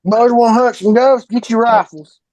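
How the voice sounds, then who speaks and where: A man's voice: extremely high pitch, fairly even intonation, moderate pace, a little mellow, no room sound, highs cut off. A man co-hosting a podcast in casual chat, joking and teasing his friends. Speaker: podcast co-host.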